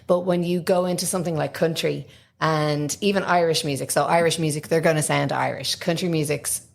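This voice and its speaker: Low creaky-voiced middle-aged woman. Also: fairly even intonation, brisk. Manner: chatty, explains at length. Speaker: podcast co-host and singing teacher. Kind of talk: casual chat.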